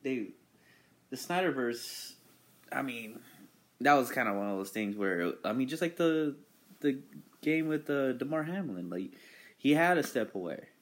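A man's voice: medium pitch, lively intonation, a little slow, pauses often. A man in casual conversation about movies, laid-back, swearing freely and trailing off mid-sentence.

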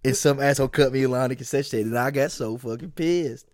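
A man tells a story in casual podcast chat. He talks in a profane, animated way and often breaks into acted-out bits of dialogue. The sound is dry and close, with no room echo. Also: mid-range voice, quick pace. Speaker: podcast co-host.

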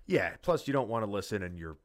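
A man with a somewhat low voice tells a long, rambling story in casual conversation. He swears freely and keeps circling back to his points. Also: fast. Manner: rambling, profane, animated storyteller.

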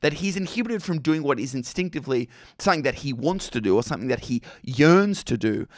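A man's voice: medium pitch, lively intonation, brisk, no room sound. An Australian man in the middle of his register talks through a film's ideas, circling back and restarting as he searches for the right word. He is recorded close and dry, with no room sound around him. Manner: thoughtful, many fillers and restarts. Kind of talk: film discussion monologue.

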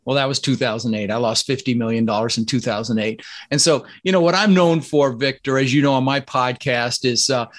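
Energetic Dutch-born man, emphatic. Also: brisk, hardly any pauses. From Netherlands. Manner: energetic, emphatic, jumps up in pitch when excited. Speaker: podcast guest, real estate investor. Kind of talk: casual interview talk.

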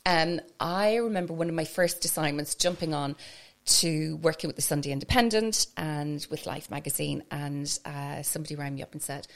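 Gravelly, animated woman with a West Cork accent. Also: sits low, moderate pace. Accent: Irish, West Cork. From Ireland, West Cork. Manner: animated, scattered, laughing storyteller. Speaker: guest. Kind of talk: casual storytelling chat.

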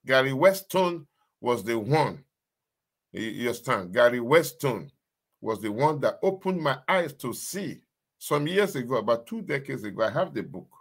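Pastor guy preaching, keeps repeating lines and asking "you understand?", average pitch voice. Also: sing-song, moderate pace, husky. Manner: emphatic, repetitive preaching with call-and-response questions. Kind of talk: sermon.

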